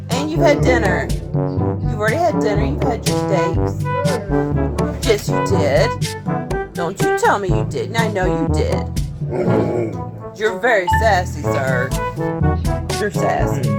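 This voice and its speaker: Woman, dog owner, sing-song baby talk, slow and lilting, loud music behind. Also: mid-range voice, very animated. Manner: cooing, teasing, sing-song.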